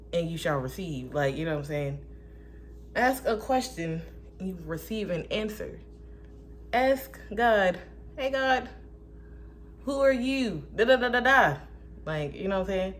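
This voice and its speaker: A woman vlogging her spiritual thoughts in casual talk. She is blunt and profane, and she swings between loud outbursts and soft whispered asides. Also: fairly low pitch, a little hiss or hum.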